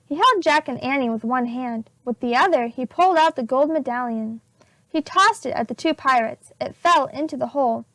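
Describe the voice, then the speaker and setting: A woman teacher reading a chapter book aloud to preschool children, slow and expressive. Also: high voice, dry recording.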